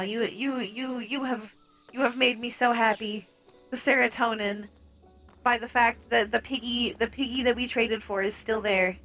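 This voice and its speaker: A young woman streaming a game, chatting casually and gasping and squealing with excitement. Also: on the high side. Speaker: streamer playing a multiplayer block game.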